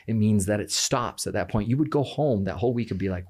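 A man's voice: lowish voice, fast talker, a little mellow. A man passionately explaining the language of a scripture passage in casual conversation, often checking in with "right?". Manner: passionate, emphatic, fond of rhetorical "right?".

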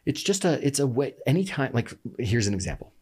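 A man's voice: medium pitch, big pitch swings, brisk, darkish tone, slightly rough. A man passionately explaining the language of a scripture passage in casual conversation, often checking in with "right?". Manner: passionate, emphatic, fond of rhetorical "right?".

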